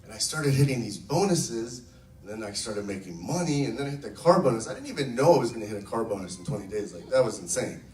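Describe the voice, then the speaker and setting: A man's voice: mid-range voice, lively intonation, fast talker, a little mellow, slight background noise. A man talking casually and enthusiastically to a group, telling his own story and acting out what others said. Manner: enthusiastic, storytelling, acts out quotes. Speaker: network marketing distributor. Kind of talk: casual testimonial talk to a group. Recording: echoey room, mic from far off.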